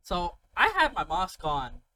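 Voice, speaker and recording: A man's voice: sits high, wildly swooping pitch, unhurried, pushed and bright, no room sound. A young man from India telling stories in casual profane chat, laughing often. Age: young adult.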